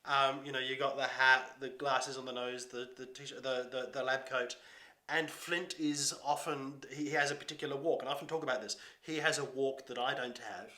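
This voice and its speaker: A man's voice: mid-range voice, fairly even intonation, normal speed, sharp tone. A man chatting casually, laughing often and restarting his phrases. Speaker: children's science performer. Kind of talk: casual chat. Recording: roomy echo.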